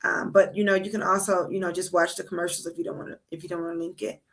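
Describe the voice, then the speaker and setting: A woman's voice: fairly low pitch, little pitch movement, fast talker, slight background noise. A woman hosting a political livestream, ranting in a heated, profane, casual way. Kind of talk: casual live-stream commentary. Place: abroad while traveling.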